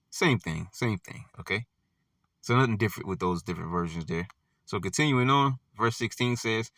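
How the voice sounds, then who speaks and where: A man walks through a scripture passage in an easygoing, conversational way, checking in with his listeners again and again. His voice is fairly low, and it sounds a little distant from the mic in a dry, dead room. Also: lively intonation, fairly quick, gravelly, fairly bright tone, no room sound. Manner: conversational, full of fillers like "all right" and "you know". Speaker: Bible study teacher. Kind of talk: casual Bible study teaching. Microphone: audio only, not seen.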